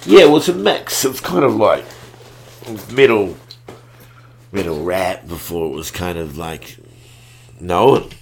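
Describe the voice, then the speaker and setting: A man's voice: sits low, expressive, slow pace, creaky, pauses often. A man in his forties with a New Zealand accent, telling stories in a laid-back, sweary podcast chat. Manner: laid-back, swears freely, lots of fillers. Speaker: guest musician. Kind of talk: casual storytelling chat.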